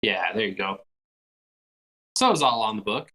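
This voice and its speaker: A man's voice: fairly low pitch, animated, moderate pace, bright, forceful tone. A man co-hosting a casual podcast chat, blunt and opinionated, swearing freely. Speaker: podcast co-host.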